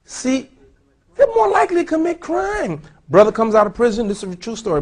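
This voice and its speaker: A man speaking as an imam at a seminar, animated and questioning his audience. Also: very high-pitched, fairly quick. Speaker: imam lecturer. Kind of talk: seminar lecture. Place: lecture hall.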